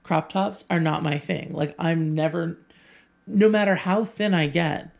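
A woman sits in on a relaxed podcast chat. Her voice sits on the low side with a gravelly fry running through it. She rambles through stories and breaks into laughter often. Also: measured pace. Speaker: podcast co-host. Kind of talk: casual chat.

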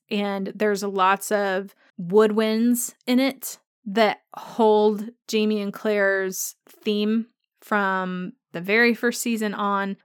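A woman's voice: mid-range voice, smooth, no room sound. Gushing woman podcast host, dry close sound. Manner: gushing and enthusiastic, speeding up in rushes. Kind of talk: casual fan podcast commentary.

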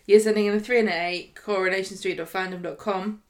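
A woman's voice: mid-range voice, fairly even intonation, quick pace. A British woman co-hosting a podcast, reading quiz questions and teasing her co-host with dry remarks. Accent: British English.

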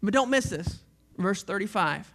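A man's voice: sits high, animated, normal speed, a bit bright. A male pastor giving a sermon in a playful storytelling manner, acting out the scripture with voices.

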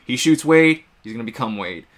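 A man co-hosting a casual movie discussion, animated and laughing often as he acts out characters' lines. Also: mid-range voice, brisk.

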